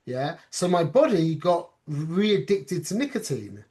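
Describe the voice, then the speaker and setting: High-voiced man teaching an informal class. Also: sing-song, measured pace, warm tone. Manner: conversational, keeps checking with "yeah?"; uses Hebrew and Yiddish terms. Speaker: religious teacher.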